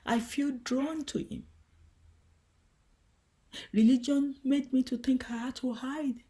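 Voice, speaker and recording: A woman giving a devotional teaching talk in a gentle, earnest and heartfelt way. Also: high voice, fairly even intonation, unhurried, long pauses. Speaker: Christian teacher.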